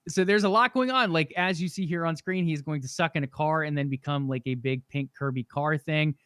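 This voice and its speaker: Slightly high-voiced male podcast co-host. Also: brisk, smooth, no room sound. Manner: steady, informative rundown with some fillers. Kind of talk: casual chat.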